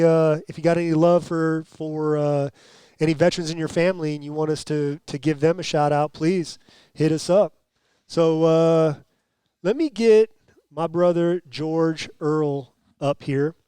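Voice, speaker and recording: Smooth-voiced stammering male host. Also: fairly high pitch, dark tone, no room sound. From United States. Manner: stammering restarts, jokey. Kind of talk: casual chat.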